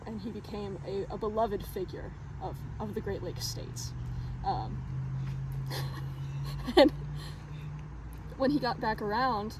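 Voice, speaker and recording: A woman tells an invented legend in a mock-solemn, deadpan way. Her voice sits at an ordinary middle pitch. Clear background noise runs under the recording. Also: slow, long pauses. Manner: deadpan mock-serious, laughs through lines. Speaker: storyteller. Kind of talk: improvised tall tale.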